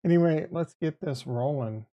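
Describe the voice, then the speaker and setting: A man hosts his own live stream casually and ramblingly, often cutting himself off mid-sentence and filling gaps with "uh" and "like." His voice is fairly high at a normal speed, and the sound is lo-fi.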